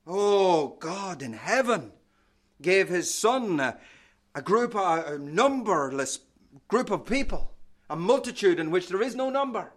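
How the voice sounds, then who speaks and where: Male preacher, fairly high-pitched voice, impassioned sermon delivery that swells and hushes. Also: expressive, a little slow. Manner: impassioned preaching, swelling loud then dropping to a hush; reads scripture in old-fashioned wording.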